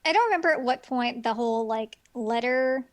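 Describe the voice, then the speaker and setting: A woman's voice: on the high side, brisk, dry recording. A woman co-hosting a podcast, chatting casually about a film with wry, joking asides. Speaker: podcast co-host.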